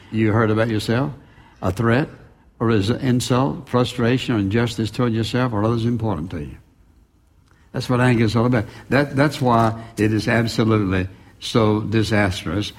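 A man's voice: medium pitch, darkish tone. A man preaching a sermon, emphatic and full of rhetorical questions and repeated phrases. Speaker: pastor.

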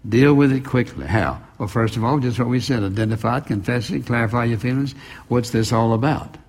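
A man's voice: mid-range voice, a little fast, a little mellow. A man preaching a sermon, emphatic and full of rhetorical questions and repeated phrases. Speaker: pastor.

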